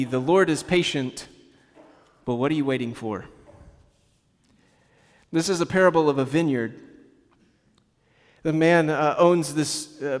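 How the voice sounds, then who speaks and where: Man preaching in a reverberant hall. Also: on the high side. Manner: conversational preaching with casual asides and rhetorical questions. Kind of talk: sermon.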